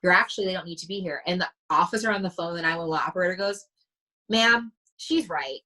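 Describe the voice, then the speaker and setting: A woman's voice: lowish voice, steady tone, very fast, sharp tone, low-quality recording. A woman mindset coach, a podcast guest, telling stories animatedly and acting out the dialogue she quotes. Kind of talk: casual podcast conversation.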